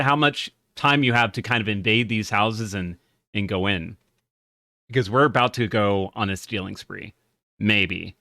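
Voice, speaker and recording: A man's voice: mid-range voice, pushed and bright, dry recording, clean studio sound. A man giving casual gameplay commentary, chatty and often laughing, reading game text aloud as he plays. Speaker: game streamer.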